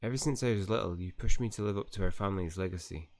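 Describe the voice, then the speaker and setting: A man's voice: deep voice, fast, darkish tone, dry recording. A man reading a hurt young Quidditch girl. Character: young female Quidditch player, hurt and guarded.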